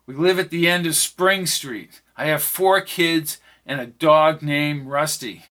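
A man's voice: on the high side, slow, sharp tone. A man voicing a beaten, desperate family man who pleads and defies his captors in an audiobook reading. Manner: pleading, defiant.

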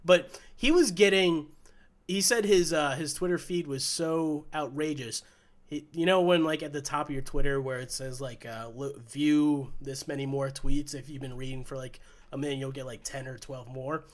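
A man's voice: on the high side, steady tone, normal speed. A man co-hosting a sports podcast in casual chat, rambling and restarting sentences, laughing easily. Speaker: podcast co-host.

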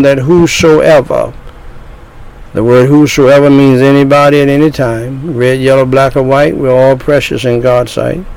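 A man preaching an evangelistic sermon, slow and deliberate, drawing out his phrases. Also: mid-range voice, a little mellow, rough recording.

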